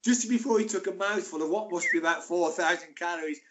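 A man in his sixties, a former footballer, telling stories in a casual interview in a chatty, animated way. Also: sits high, quick pace, background noise. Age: 60s. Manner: chatty, animated, laughing anecdotes.

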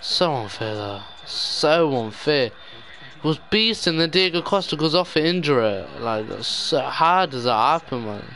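Glum young gamer muttering. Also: male voice, a little high, lively intonation, measured pace, few pauses, bright, forceful tone, slight background noise. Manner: despairing, muttering, sudden outbursts. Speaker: gaming YouTuber. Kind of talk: live gameplay commentary.

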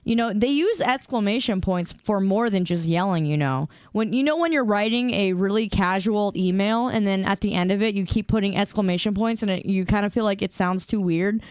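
A woman in her twenties chatting casually with viewers on a livestream, rambling in a playfully defensive way with halting restarts. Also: medium pitch, darkish tone, clear, resonant tone, dry recording. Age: 20s. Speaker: streamer.

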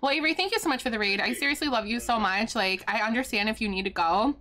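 A woman streaming a life-simulation game live, chatting excitably with her viewers and laughing often. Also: fairly high pitch, fast. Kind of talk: live gameplay commentary.

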